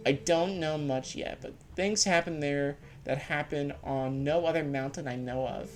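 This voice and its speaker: A man voicing a tough young woman warrior who talks briskly and bluntly, kept low-key. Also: natural voice. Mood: serious.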